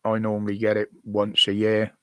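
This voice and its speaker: Live from his home, an older British man speaks into a desk microphone in a lowish, completely flat voice at normal speed, with no room sound. He's from the United Kingdom and chats casually with viewers, answering them in a rambling way with frequent chuckles.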